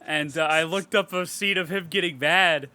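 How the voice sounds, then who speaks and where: A man's voice: fairly high pitch, moderate pace, pushed and bright, clean tone. A man co-hosting a podcast, chatting casually about a movie, cursing and laughing along. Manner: swears casually, laughs between remarks. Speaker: podcast co-host. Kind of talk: casual movie recap chat.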